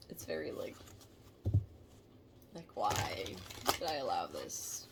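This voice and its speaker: A woman giving a casual tarot reading to camera, halting and emotional, sighing and musing aloud. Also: very deep voice, very animated, vocal fry, heavy background noise. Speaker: tarot reader.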